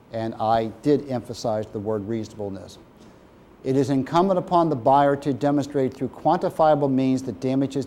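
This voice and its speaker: Man lecturing a class, mellow voice. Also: mid-range voice. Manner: explains definitions, asks the class questions. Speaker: procurement course instructor.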